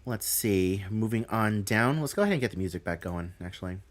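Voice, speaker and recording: A man's voice: on the low side, animated, brisk. A man hosting a live stream, reading out announcements and thinking aloud with a rambling, casual manner.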